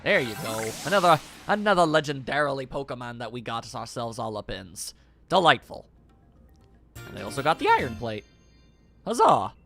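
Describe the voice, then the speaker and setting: A man's voice: mid-range voice, sing-song, moderate pace, creaky, fairly bright tone, faint music behind. A young man giving playful, chatty let's-play commentary and talking to the game. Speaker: video game streamer.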